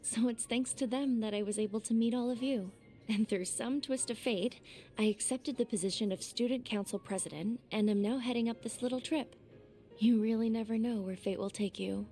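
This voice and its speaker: A woman voicing a composed young student council president in a game, calm with a teasing edge. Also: a little high, normal speed, natural voice. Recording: game audio with faint music.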